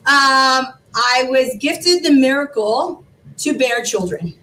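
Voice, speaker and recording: A woman in her forties, a guest telling her personal story with animated laughter and emotion. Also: slow pace, far from the mic, rough recording. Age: 40s. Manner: animated, laughing, rising into high exclaims. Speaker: guest, foundation founder.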